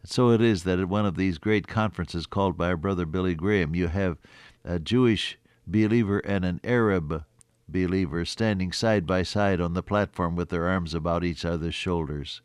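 An older man preaching a sermon, teaching slowly and deliberately from a Bible passage, with frequent hesitant restarts. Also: low-pitched, clear, resonant tone, no echo.

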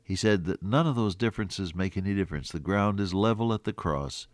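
An older man preaching a sermon, teaching slowly and deliberately from a Bible passage, with frequent hesitant restarts. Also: low voice, no echo.

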